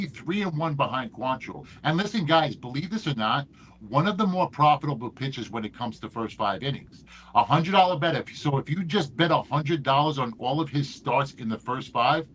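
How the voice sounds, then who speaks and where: A man's voice: mid-range voice, fairly bright tone, a little hiss or hum, poor audio. A man hosting a sports betting picks show, swearing freely and hyping his picks in casual chat. His voice sits in a middle register. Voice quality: profane, hyped-up.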